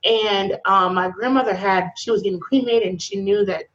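A woman guest in a casual talk about faith, telling stories in a slangy, lively way with frequent laughter. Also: medium pitch, normal speed. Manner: animated storytelling with laughs. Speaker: podcast guest. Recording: dull lo-fi sound.

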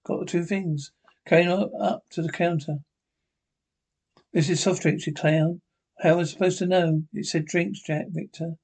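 Sweary old Scottish pensioners. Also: male voice, fairly high pitch, a little mellow. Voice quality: banter-filled, sweary. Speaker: sitcom actor. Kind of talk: broadcast sitcom acting.

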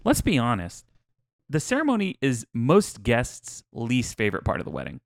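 A man's voice: medium pitch, huge pitch swings, normal speed, creaky, dry recording, clean studio sound. A man co-hosting a podcast, speaking in an enthusiastic, emphatic way. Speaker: podcast co-host. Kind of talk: casual chat.

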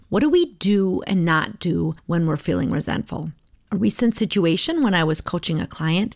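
A woman's voice: lowish voice, no room sound, studio quality. A middle-aged woman coach speaking in a conversational, reflective podcast monologue, often checking in with "right?".

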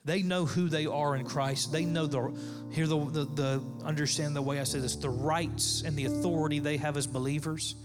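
Emphatic pastor in an echoing hall. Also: male voice, a little high, fairly even intonation, normal speed, few pauses, music in the background. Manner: emphatic preaching with repeated phrases. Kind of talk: sermon. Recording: long echo of a large hall.

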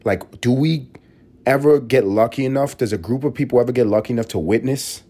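Husky male podcast host, profane rambling riff, mid-pitched. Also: fairly quick, mellow. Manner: rambling, profane, riffing with restarts. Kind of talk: casual solo podcast monologue.

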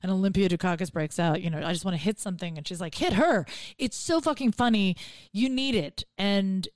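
A woman's voice: medium pitch, a little fast, no echo, clean studio sound. A woman comedian telling stories in a casual podcast chat, acting out the people she quotes. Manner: animated storytelling, acts out quotes. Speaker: comedian guest.

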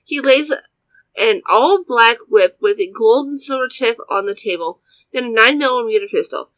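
Brief: woman storyteller, fairly high, dry close sound. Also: expressive, normal speed, fairly bright tone, no room sound, low-quality recording. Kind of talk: first-person story reading.

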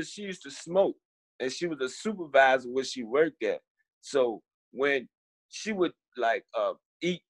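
A middle-aged man from Richmond, a podcast guest telling his story in a halting way, repeating words and acting out the people he quotes. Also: medium pitch, dry recording. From Richmond, Virginia. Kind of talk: storytelling interview.

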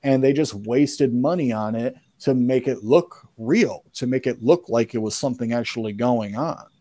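Male guest, mellow dark tone, laid-back slangy storyteller, swears freely. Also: medium pitch, normal speed. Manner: slangy, profane, keeps saying "bro". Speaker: podcast guest. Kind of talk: casual storytelling.

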